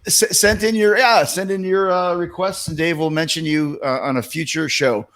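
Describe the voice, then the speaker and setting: A man hosting a comedy podcast, teasing his co-host with laughs and halting restarts. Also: on the high side, fairly even intonation, a bit bright. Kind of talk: casual comedy podcast chat.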